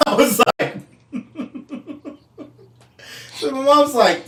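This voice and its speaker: A young man co-hosting a casual podcast, telling a story with lively acted-out quotes and frequent laughter. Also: measured pace, long pauses, a little hiss or hum. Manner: animated, acts out quotes with big pitch jumps, laughs often. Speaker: podcast co-host. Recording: echoey room.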